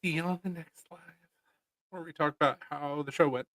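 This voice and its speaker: A man's voice: a little high, fairly even intonation, fairly quick, pushed and bright, dry recording, poor audio. Laid-back rambling man, dry sound. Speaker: livestream host. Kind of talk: casual chat.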